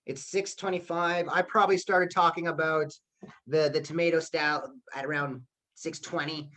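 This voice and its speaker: A male teacher leading a live class over a video call. He talks in a loose, chatty way and keeps checking in with his students with a quick "okay?". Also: a little high, flat delivery, fairly bright tone. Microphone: computer mic on a video call.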